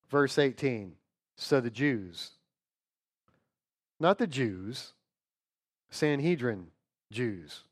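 A man teaching an informal Bible lesson in an animated, joking way, often checking in with rhetorical questions. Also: medium pitch, slow, pauses often.

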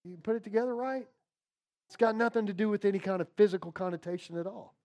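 A man preaching to his congregation in an offhand, talky way, stumbling and correcting himself as he goes. He drops his voice low and quiet for scripture, then builds to a rising, repeated chant. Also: fast. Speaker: pastor. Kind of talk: sermon.

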